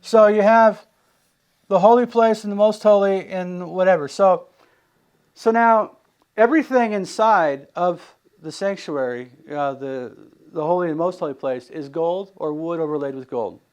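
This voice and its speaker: Guy with a high voice preaching casually, asks lots of questions, acts out the quotes. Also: measured pace, darkish tone, clean tone. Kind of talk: casual sermon teaching.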